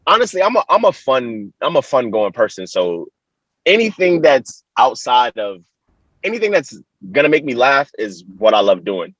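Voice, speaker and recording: A man's voice: medium pitch, sing-song, moderate pace, a bit bright, dry recording, dull audio. A young man from Haiti with an American accent, a sports guest telling stories in a casual podcast chat, laughing often and restarting his sentences. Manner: chatty storytelling with frequent laughs and restarts. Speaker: Olympic hurdler, guest.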